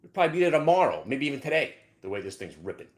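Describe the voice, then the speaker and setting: A man hosting a live market show, ranting brashly about his trades with sudden shouted outbursts. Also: mid-range voice, very fast. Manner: excitable, loud bursts of shouting, brash. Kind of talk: live trading rant.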